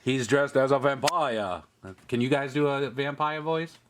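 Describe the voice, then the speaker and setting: An upbeat man hosts a casual toy review at an ordinary mid-range pitch. He chats easily and explains paint and details as he turns each figure around. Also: a little slow, a bit bright, a little hiss or hum. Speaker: host of a toy review channel.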